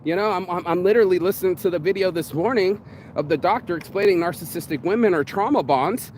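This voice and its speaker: Man, profane rambling rant, slightly higher voice, faint traffic noise outdoors. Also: quick pace, darkish tone. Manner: profane, rambling, talks in circles with restarts. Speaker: vlogger. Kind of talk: ranting monologue.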